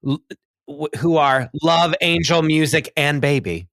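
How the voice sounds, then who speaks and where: A man's voice: on the high side, measured pace, vocal fry, a bit bright, dry recording, studio quality. A man co-hosting a comedy podcast in casual chat. He rambles, leans on "like" and laughs often. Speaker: podcast co-host.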